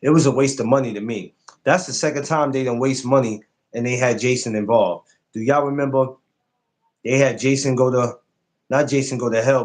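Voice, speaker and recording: A man runs a live podcast stream at a brisk pace, chatting in a casual, animated way. He swears freely, and his voice leaps high whenever he mocks something.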